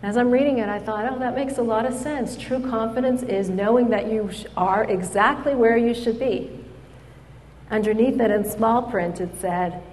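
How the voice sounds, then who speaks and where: A woman giving a storytelling speech at an event, lively as she acts out the people in her stories. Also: a little high, normal speed, slight background noise. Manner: animated storyteller, acts out quoted voices. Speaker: speaker at an event. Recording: hall reverb.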